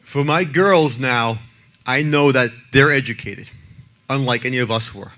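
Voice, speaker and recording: A man's voice: medium pitch, unhurried, sharp tone. Man, mid-range voice, blunt advocate, joking storyteller. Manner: blunt and brash, acts out other people in his stories. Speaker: child abuse prevention advocate speaking to an audience. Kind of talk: blunt talk with joking stories.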